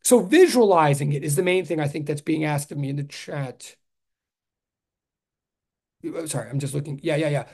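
A man, a physics professor, giving an animated conceptual lecture to an online class, thinking aloud with frequent restarts and dry sarcastic asides. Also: fairly high pitch, moderate pace, long pauses. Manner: emphatic, stressing ideas with repeated "really".

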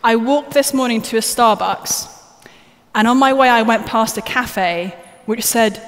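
Speaking unhurriedly in a voice on the high side, a conference speaker chats and jokes with her audience during a live talk from the stage. Her stage microphone captures the large conference hall's live reverb along with faint noise.

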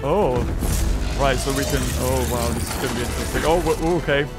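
A young man hosting let's-play commentary, excitable and full of exclamations. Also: mid-range voice, a little fast. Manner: excitable, frequent exclamations and laughs. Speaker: gaming channel host. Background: game music.

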